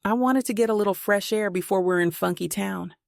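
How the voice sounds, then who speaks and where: A woman's voice: medium pitch, brisk, gravelly, no echo, natural voice. A woman voicing a blunt, teasing older grandmother in a dry, close recording, her lines full of churchgoing humor. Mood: sassy.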